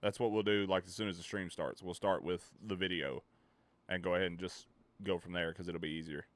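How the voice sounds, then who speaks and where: A man's voice: deep voice, steady tone, fairly quick, no echo. A man streaming live, rambling and ranting profanely while reacting to chat. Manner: rambling, profane, reads chat and riffs loudly.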